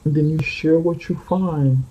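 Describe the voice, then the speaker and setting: A man's voice: on the high side, steady tone, unhurried, dark tone, a little hiss or hum. A man giving a rambling, unscripted tarot reading who often repeats and corrects himself. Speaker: tarot reader. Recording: muffled lo-fi audio.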